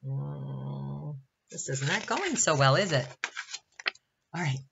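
A woman's voice: rumbling low, expressive, takes it slowly, gravelly, fairly bright tone, lo-fi sound, a little hiss or hum. A woman reading a picture book aloud to children at a Bible camp, stopping often to ask the listener questions. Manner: chatty asides asking the listener questions.

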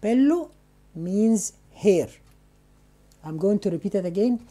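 Slow-spoken woman teaching vocabulary. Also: medium pitch, animated, warm tone. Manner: repeats each word slowly, asks and answers her own questions. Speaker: Spanish teacher.

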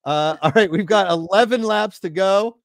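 A man's voice: high-pitched, normal speed, creaky, no echo, studio quality. A man hosting a live race-watching stream, joking around and reading out chat comments. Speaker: stream host.

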